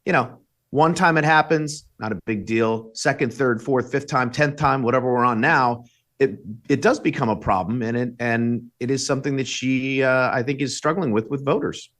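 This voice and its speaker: A man speaking as a guest commentator on a political talk show, in a measured, analytical way. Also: medium pitch, a bit bright. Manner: measured, analytical, with frequent fillers and restarts.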